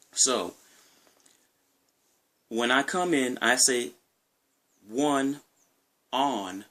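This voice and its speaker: Man, Maryland accent, middle pitch; loose, rambling gaming vlogger, talks straight to camera. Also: a bit bright. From Maryland, USA. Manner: rambling, conversational, repeats himself. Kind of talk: casual talk to camera.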